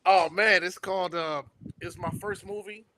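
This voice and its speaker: A man's voice: sits high, fairly even intonation, moderate pace, pushed and bright, a little hiss or hum. A man, an actor and comedian guest, chatting easily on a podcast. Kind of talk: casual podcast chat.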